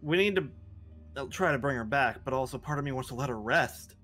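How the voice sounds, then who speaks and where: A man's voice: mid-range voice, expressive, fairly quick, a bit bright, soft background music. A young man playing a tabletop game, chatting casually in character with a dry, teasing manner. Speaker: player.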